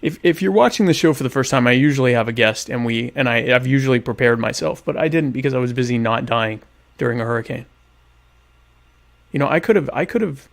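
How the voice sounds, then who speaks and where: A fast-talking man with a creaky, medium-pitched voice hosts a podcast livestream alone at home over a webcam setup. Between bites of dinner, he rambles sarcastically and plays at grandiosity.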